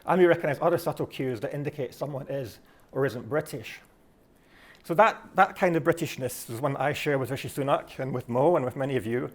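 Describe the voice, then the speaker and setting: A man's voice: medium pitch, a little fast. A Scottish man from Scotland giving a reflective, lecturing talk, often restarting his phrases. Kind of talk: delivered talk.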